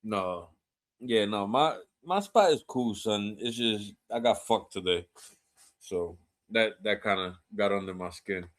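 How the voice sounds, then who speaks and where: A man's voice: lowish voice, a little slow. An American man telling kitchen stories in loose, slangy casual chat, laughing often. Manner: animated slang-heavy storytelling, laughs often.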